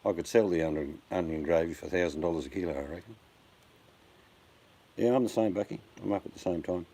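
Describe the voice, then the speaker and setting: Gravelly, deep-voiced Australian man chatting. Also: quick pace, dark tone. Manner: blunt, joking, talks to viewers by name. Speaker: live streamer. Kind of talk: casual live-stream chat. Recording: faint background noise.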